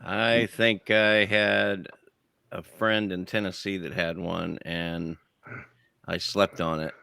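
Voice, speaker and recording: A man's voice: deep voice, flat delivery, slow, gravelly, sharp tone, clear, resonant tone, dry recording, clean studio sound. A man co-hosting a casual podcast, throwing in crude wisecracks. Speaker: podcast co-host. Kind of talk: casual chat.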